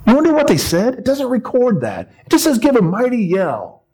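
A man's voice: very high voice, a little fast, husky, low-quality recording. A middle-aged male preacher giving a sermon, retelling a story with playful asides and acted-out voices. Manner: animated storytelling, acting out voices and yells.

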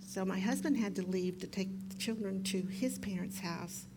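A woman's voice: medium pitch, moderate pace, noisy background. A woman in her sixties sharing a personal story as a guest in a church service, talking with many ums and restarts. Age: 60s. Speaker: guest speaker, pastor's mother.

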